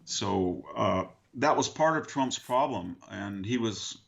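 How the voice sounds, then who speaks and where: A man being interviewed as a historian, telling dry, wry anecdotes with a deadpan punchline. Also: on the low side, takes it slowly, gravelly, dull audio. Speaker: guest historian. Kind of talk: conversational storytelling. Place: rural farm valley region.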